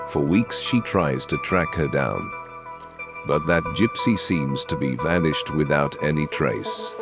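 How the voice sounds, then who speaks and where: Man, storyteller, extremely low voice, measured dramatic narration, loud music underneath. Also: creaky. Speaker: storyteller narrating a game video.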